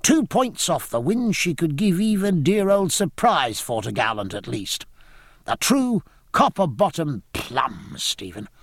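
A man voicing a hearty middle-aged naval captain who talks in brisk, jovial sea slang. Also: fairly high pitch, very animated, no room sound, clean studio sound, pitched above the performer's own voice, heavily acted.

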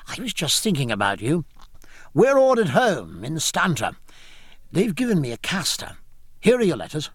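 A man voicing a hearty middle-aged naval captain who talks in brisk, jovial sea slang. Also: on the high side, wildly swooping pitch, husky, dry recording, studio quality, heavily acted.

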